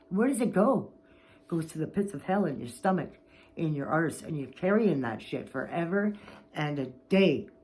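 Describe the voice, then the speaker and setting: Blunt, lower-pitched woman telling stories. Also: low-quality recording. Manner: blunt, swears freely, animated outbursts. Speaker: vlogger. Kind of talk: candid personal storytelling.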